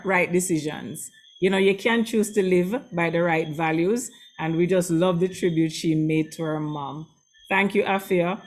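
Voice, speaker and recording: A woman hosting an online school concert, thanking performers and introducing the next act in a gracious, chatty way. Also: on the low side. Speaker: concert host.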